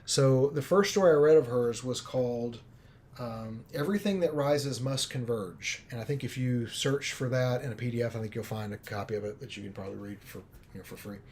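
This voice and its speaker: A man, a film director, talking casually on a livestream and telling a story in a rambling, animated way with many fillers. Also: medium pitch, fairly quick, slight background noise.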